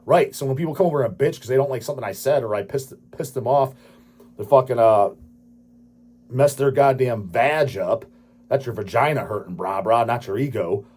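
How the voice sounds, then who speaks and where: Husky man ranting with heavy swearing. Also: mid-range voice, normal speed, darkish tone. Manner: crude, swearing, dismissive ranting. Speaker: channel host answering viewer questions. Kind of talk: profane ranting casual talk.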